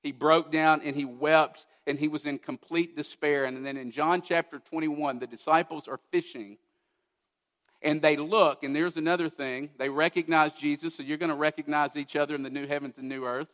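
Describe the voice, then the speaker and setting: A man preaching a sermon, emphatic, asking rhetorical questions and swinging from loud to hushed. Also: a little high, steady tone, moderate pace, long reverb tail. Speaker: pastor.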